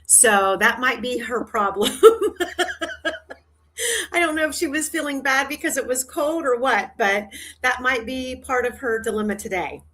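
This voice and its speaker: Hosting a casual livestream, a woman speaks at a moderate pace in a fairly high, sharp voice. She wanders through her thoughts, trailing off and restarting often, laughing frequently.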